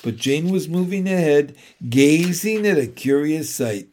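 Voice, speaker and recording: A man narrating a children's storybook at an unhurried pace. His reading is expressive, with a slightly high voice that rises and falls freely. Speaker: audiobook narrator. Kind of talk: storybook read aloud.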